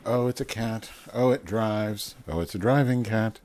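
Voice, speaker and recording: Outdoors in the wind, a vlogger tests a new windscreen on his handheld recorder, rambling, joking crudely, and repeating silly phrases. His voice is fairly low with a darkish tone, and he speaks a little slowly with hardly any pauses.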